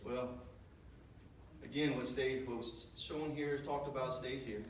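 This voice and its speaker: A man tells a folksy, rambling story at a memorial service, his voice sitting at an ordinary middle pitch. He is picked up from far off in an echoey room, and steady noise runs behind him. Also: unhurried. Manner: folksy, rambling, with many fillers. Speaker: son giving a memorial eulogy. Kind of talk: storytelling eulogy.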